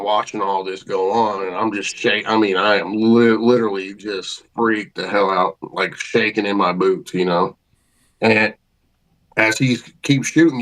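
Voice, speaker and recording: A man's voice: lowish voice, a bit bright, low-quality recording. A man, a podcast guest, telling a story in a casual, folksy way with colloquial grammar and vivid detail.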